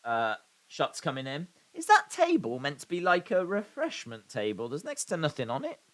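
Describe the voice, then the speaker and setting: Male stream host, fairly high and bright-toned, deadpan sarcastic play-by-play with comment reading. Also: normal speed. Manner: dry and sarcastic, reading viewer comments aloud. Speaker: live stream host reacting to wrestling. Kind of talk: live watch-along commentary.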